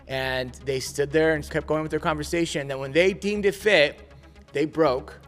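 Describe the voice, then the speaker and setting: A man's voice: medium pitch, fairly even intonation, normal speed, faint music behind. A man telling a restaurant story and critiquing the service in an indignant, emphatic way. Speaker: restaurant reviewer. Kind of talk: storytelling commentary.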